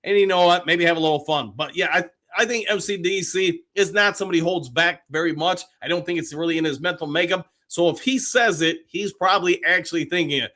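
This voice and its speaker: A man's voice: sits high, quick pace, hardly any pauses, pushed and bright. A man hosting a live sports podcast, chatting casually and reading viewer comments aloud with upbeat cheers.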